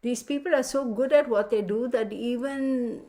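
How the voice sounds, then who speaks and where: A woman's voice: fairly high pitch, normal speed, dark tone. A woman giving a casual weekly astrology reading, talking frankly and chattily and slipping into little mock conversations.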